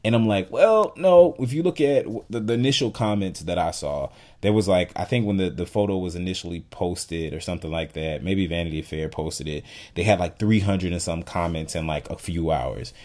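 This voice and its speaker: Animated low-voiced man on a podcast. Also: fairly quick, few pauses. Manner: animated, emphatic, heavy use of "like" fillers. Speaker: podcast co-host. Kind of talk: casual podcast commentary.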